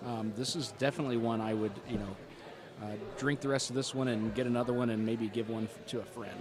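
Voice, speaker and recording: A man with a middle-pitched voice muses slowly about a beer, pausing often. A busy crowd is clear behind him. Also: fairly even intonation. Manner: thoughtful, halting. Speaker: taster. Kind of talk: casual tasting chat.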